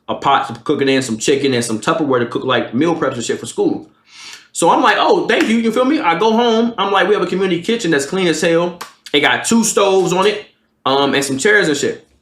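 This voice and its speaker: A young man in his twenties telling a casual, profane storytime, jumping into animated quoted lines. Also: fairly high pitch. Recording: roomy echo.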